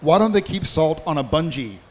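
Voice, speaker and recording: A man on a convention panel telling a rambling, animated story, with restarts and swearing. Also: on the high side, fairly quick, long reverb tail, a little hiss or hum. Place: convention hall stage.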